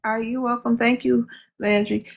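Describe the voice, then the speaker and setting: A woman's voice: fairly high pitch, level tone, normal speed, vocal fry. A woman hosting a live online debate, moderating casually and thanking viewers. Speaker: host.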